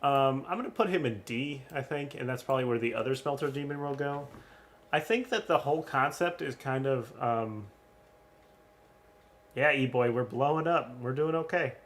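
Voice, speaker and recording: Streaming a game, a young man offers casual, crude commentary, rambling on and cursing freely between lots of ums. His ordinary middle-range voice is a bit bright and moves at a moderate pace, with a faint background hiss throughout.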